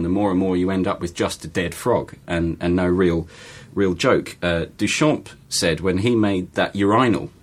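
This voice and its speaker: Lowish-voiced man holding forth. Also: husky. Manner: wordy, playful, lecturing at length. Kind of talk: casual panel chat.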